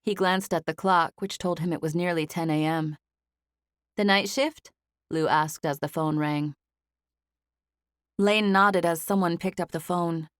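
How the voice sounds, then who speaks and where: Female audiobook narrator, low and measured, dry studio. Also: smooth, dry recording. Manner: even, measured storytelling. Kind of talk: scripted narration.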